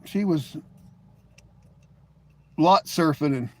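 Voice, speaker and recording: Middle-aged guy live streaming, rambly and jokey, kinda high voice, lots of "you know". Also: very slow. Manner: rambling and joking, full of "you know" and restarts. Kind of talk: casual live-stream chat answering viewers.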